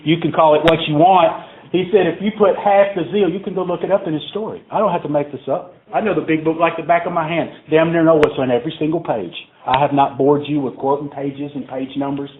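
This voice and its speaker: Profane, rambling man. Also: fairly high pitch. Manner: profane, digressive, conversational. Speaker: speaker at a recovery meeting. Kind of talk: live storytelling talk to a crowd. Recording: tinny phone-like recording, faint hiss.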